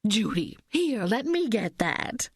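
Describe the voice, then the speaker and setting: A woman's voice: mid-range voice, very animated, slow, slightly rough, no echo, studio quality, voice pushed up, heavily acted. A woman reading a novel aloud, playing a showy, pushy older mother whose voice carries across the room in a bossy, projecting way.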